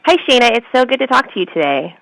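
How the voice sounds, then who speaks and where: A woman's voice: fairly high pitch, sing-song, fast, vocal fry, a bit bright, dry recording, poor audio. Woman author reading interview questions. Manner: friendly, reads prepared questions.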